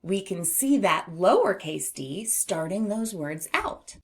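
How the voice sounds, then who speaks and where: A woman teaching a children's phonics lesson, modeling sounds slowly and clearly with playful asides. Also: low voice.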